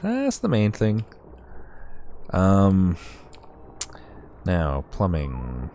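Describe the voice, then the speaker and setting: A man's voice: low-pitched, huge pitch swings, very slow, dark tone, faint music behind. A man streamer giving casual gameplay commentary, chatty and sarcastic with himself, swearing often.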